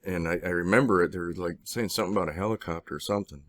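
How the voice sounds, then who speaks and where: A man being interviewed, telling a personal story in a halting, rambling way with many restarts and some swearing. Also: sits low, a bit bright. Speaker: interviewee recounting personal experiences. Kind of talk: casual spoken storytelling.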